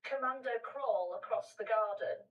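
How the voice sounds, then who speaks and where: A woman's voice: a little high, moderate pace, lo-fi sound. A woman guest on a panel show, telling a comic anecdote with hesitations and laughter. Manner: hesitant, laughs through her story. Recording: roomy studio, distant mic.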